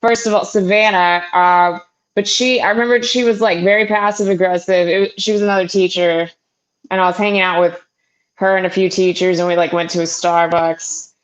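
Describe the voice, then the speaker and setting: A young woman doing a stand-up comedy set, with a halting delivery full of fillers and restarts. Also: fairly low pitch, steady tone. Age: young adult. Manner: halting, filler-heavy delivery with self-deprecating jokes. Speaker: stand-up comic. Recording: muffled lo-fi sound.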